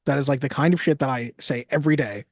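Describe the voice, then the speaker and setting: A man's voice: mid-range voice, fast talker, dry recording, studio quality. A man co-hosting a film podcast, chatting casually with a wry, joking manner. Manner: wry, jokey, quotes lines in little voices. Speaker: podcast co-host. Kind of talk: casual chat.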